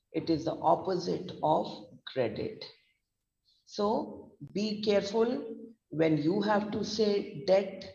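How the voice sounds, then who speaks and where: A woman's voice: fairly low pitch, creaky, a little mellow. Woman trainer drilling pronunciation, echoey. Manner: slow and deliberate, repeats words for drill, switches into Hindi. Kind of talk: classroom lecture. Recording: roomy echo from far off, dull audio.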